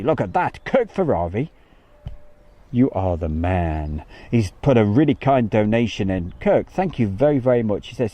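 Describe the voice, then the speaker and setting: A man's voice: lowish voice, sing-song, moderate pace, mellow, no echo. A man hosting a casual livestream outdoors by an airfield, chatting, reading out viewer comments and laughing easily. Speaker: livestream host.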